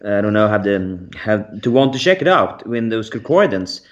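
Male co-host, low voice, muffled lo-fi line, halting word-searching delivery. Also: very animated. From Sweden. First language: Swedish. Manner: hesitant, searching for words. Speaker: radio co-host. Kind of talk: casual radio talk.

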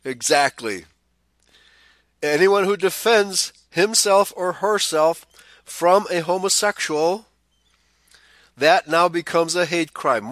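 A man's voice: sits high, slow pace, pauses often, a bit bright, dry recording. A man hosting a commentary show, reading news items aloud and adding sarcastic, scornful asides, often chuckling and stumbling over repeated words.

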